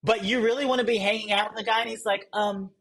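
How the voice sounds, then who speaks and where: Guy with a high husky voice riffing to a class, jokey and rambly, laughs a lot. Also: fast, rough recording. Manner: rambling, joking, chuckles often; animated, rises high when mocking. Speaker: sales coach leading a training program. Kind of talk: casual coaching talk to a live group.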